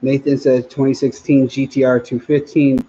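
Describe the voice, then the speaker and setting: A man hosting a casual livestream, reading viewer comments aloud in a relaxed way, often laughing and trailing off mid-sentence. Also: mid-range voice, normal speed, lo-fi sound.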